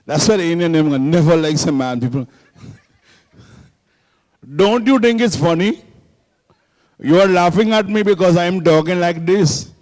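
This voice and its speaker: A man's voice: fairly high pitch, measured pace, pauses often, darkish tone, natural voice. A man voicing a cheeky male T-shirt seller in a stand-up comedy bit, teasing the crowd.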